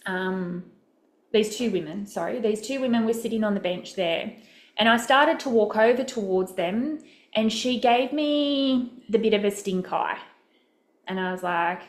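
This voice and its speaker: A woman's voice: on the high side, echoey room. A woman coaching a group, telling a personal story in a candid, casual way and acting out the people in it. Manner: candid, swears casually, acts out quoted voices. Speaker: mastermind coach.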